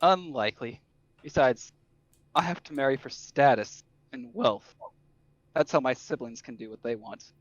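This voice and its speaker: A man's voice: medium pitch, expressive, moderate pace, no echo, highs cut off. A man playing a melancholy, drunk noble lady in a tabletop game, speaking in a wry, gloomy way. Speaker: player. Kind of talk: in-character tabletop play.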